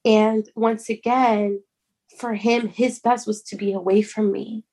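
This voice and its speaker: A young woman who is a mother, telling a personal story in an earnest, halting way, often restarting words. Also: mid-range voice, flat delivery, warm tone. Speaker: guest.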